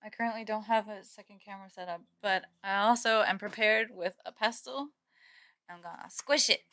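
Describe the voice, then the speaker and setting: A woman's voice: medium pitch, a little fast, bright, forceful tone. A young woman live-streaming from home, chatting casually with viewers and laughing often. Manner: giggly, chatty, reads chat aloud.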